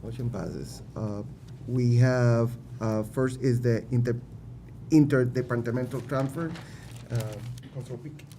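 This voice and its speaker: Brisk man chairing a council meeting. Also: medium pitch, warm tone, a little hiss or hum. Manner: brisk, procedural. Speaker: council president. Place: city council chamber.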